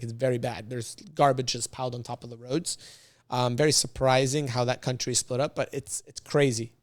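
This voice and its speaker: A man from the United States, a podcast guest, telling a story in a casual, animated, slangy way and laughing often. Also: mid-range voice, no room sound, studio quality.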